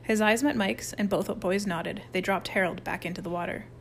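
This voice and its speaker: A woman reading a children's novel aloud as an audiobook narrator, in a lively storytelling manner. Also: medium pitch, normal speed, creaky, slight background noise. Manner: lively storytelling with varied character voices. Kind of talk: scripted narration.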